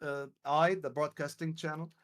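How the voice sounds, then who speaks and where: A young Lebanese man streams a live call and tells a story in a laid-back way, imitating the quoted speakers and swearing freely. His tone is level and fairly bright, pitched on the high side, at normal speed.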